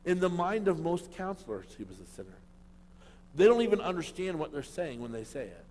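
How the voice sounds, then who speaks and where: A man preaching a sermon as a pastor, emphatic and full of rhetorical questions, swinging between loud and quiet. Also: fairly high pitch, sing-song, a little fast. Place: church hall. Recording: long hall reverb.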